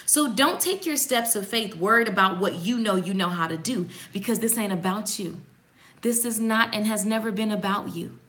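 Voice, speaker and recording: Bright-voiced woman preaching a morning devotional. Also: medium pitch, moderate pace. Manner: animated and preachy, addresses viewers directly; reads passages aloud, then comments on them. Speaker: host giving a morning devotional. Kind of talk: casual devotional talk.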